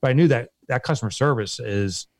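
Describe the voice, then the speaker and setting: A man's voice: medium pitch, brisk, no room sound. A man co-hosting a casual business chat, telling an upbeat story with lots of energy. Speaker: business co-owner, podcast host.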